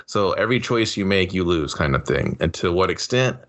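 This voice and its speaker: A young man co-hosting a movie podcast, rambling and swearing as he acts out scenes in quick voices. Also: deep voice, lively intonation. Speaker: podcast co-host. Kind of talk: casual movie review chat.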